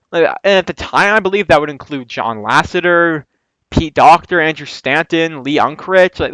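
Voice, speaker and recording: A man's voice: fairly high pitch, fairly bright tone, dry recording, rough recording. A man giving casual film-ranking commentary, rambling and chatty, often correcting himself mid-sentence. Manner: rambling, chatty, self-correcting with quick laughs. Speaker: movie reviewer.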